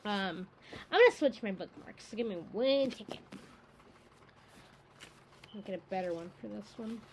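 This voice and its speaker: A woman's voice: mid-range voice, animated, moderate pace, a little hiss or hum, low-quality recording. A woman hosting a book-reading channel, chatting casually to camera in a rambling, enthusiastic way with lots of fillers.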